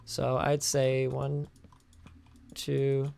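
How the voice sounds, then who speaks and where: A man's voice: medium pitch, little pitch movement, drawn-out words, gravelly, long pauses, a little mellow. A young man hosting a casual game-building commentary, tired and sleepy, rambling and chatty with lots of fillers and restarts. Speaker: gaming channel host.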